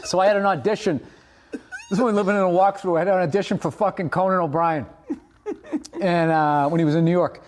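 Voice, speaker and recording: A man's voice: high-pitched, fairly even intonation, fast talker. A man co-hosting a podcast, telling rambling stories full of swearing and laughter. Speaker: podcast co-host. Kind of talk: casual storytelling.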